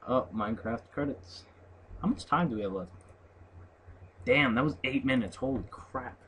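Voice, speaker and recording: A man's voice: mid-range voice, expressive, normal speed, a bit bright, poor audio. A young man reading on-screen game text aloud in a loose, mumbling way, then chatting casually about the game. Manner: reads in a loose, mumbling way, skips words, laughs and swears. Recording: faint background noise.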